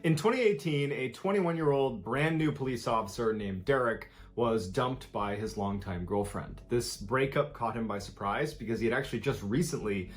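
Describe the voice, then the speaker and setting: A man's voice: mid-range voice, normal speed, faint music behind. A man telling true scary stories as scripted narration, with a dramatic delivery that acts out the people in the story.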